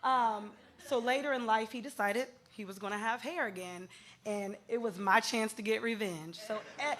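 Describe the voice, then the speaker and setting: Woman, daughter delivering a funny eulogy; light storytelling delivery, high-pitched voice. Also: moderate pace, a bit bright. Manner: light-hearted storytelling, laughing at times. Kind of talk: eulogy with humorous anecdotes.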